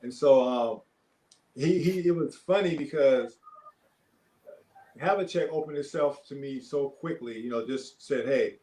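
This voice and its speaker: An older man, a former basketball player, telling stories as a podcast guest in a relaxed, rambling way with many fillers. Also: medium pitch, unhurried, long pauses, low-quality recording. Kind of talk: casual storytelling.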